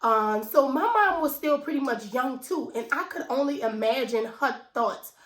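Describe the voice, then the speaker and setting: New orleans lady in her 30s telling her story to the camera, says y'all a lot, high voice, kinda echoey room. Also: animated, moderate pace, fairly bright tone. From New Orleans, USA. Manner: emotional, conversational, addresses viewers as y'all. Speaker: finance vlogger.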